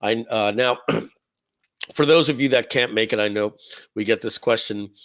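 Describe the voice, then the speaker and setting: A man's voice: on the low side, measured pace, fairly bright tone, highs cut off. Chatty man hosting a webinar. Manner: chatty, rambling, many "uh" fillers. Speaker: webinar host. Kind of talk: casual live webinar talk.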